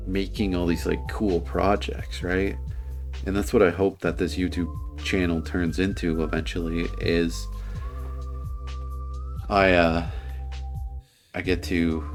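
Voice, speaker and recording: A man casually commenting on a video, rambling and earnest, tired with a dry throat. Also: deep voice.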